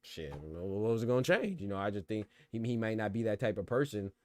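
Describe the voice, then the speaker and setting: A man's voice: fairly low pitch, animated, fast talker, a little mellow. A man hosting a boxing podcast, talking in a loose casual way and often saying "bro" and "you know what I'm saying". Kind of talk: casual chat reacting to live chat.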